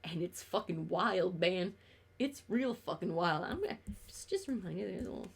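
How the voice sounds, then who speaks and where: This young game streamer's voice is on the low side, gravelly with a breathy edge, expressive and at a moderate pace. She rambles casually on stream, sarcastic and foul-mouthed, laughing a lot.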